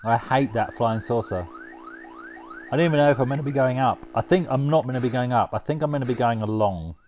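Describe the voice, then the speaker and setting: A man giving casual, excitable commentary while playing a retro game, laughing often and talking to himself. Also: mid-range voice, very fast, faint music behind. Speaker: retro gaming vlogger.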